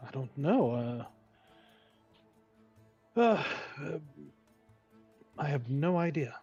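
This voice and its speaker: A man's voice: fairly high pitch, big pitch swings, very slow, long pauses, mellow, slightly rough, faint music behind. A man playing his character in a tabletop game, stammering and hesitant as he speaks. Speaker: player. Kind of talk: in-character role-play. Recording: muffled, distant mic.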